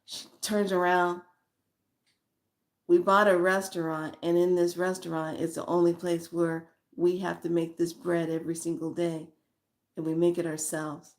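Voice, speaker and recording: A woman's voice: on the low side, flat delivery, a little slow. A woman who reads tarot cards, telling stories about her readings in a chatty, blunt way with casual swearing. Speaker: tarot card reader. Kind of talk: casual storytelling.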